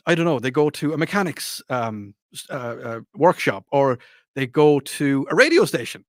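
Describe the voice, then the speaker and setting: A man's voice: medium pitch, no echo, clean studio sound. A man hosting a radio talk show, telling stories from his working life in a rambling way with many restarts and asking listeners to call in. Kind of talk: casual radio chat.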